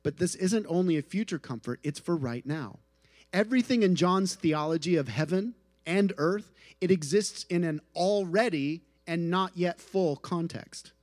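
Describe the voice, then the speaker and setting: A man preaching a sermon at an outdoor tent gathering, earnest, moving between soft hushed passages and rising emphatic ones. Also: high-pitched, normal speed, dry recording. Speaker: pastor.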